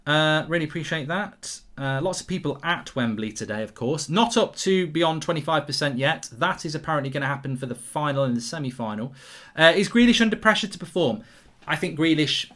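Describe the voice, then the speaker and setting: Jokey guy hosting a live footy watchalong, slightly high voice, rambling and chatty. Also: a bit bright. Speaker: host. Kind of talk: live football watchalong chat.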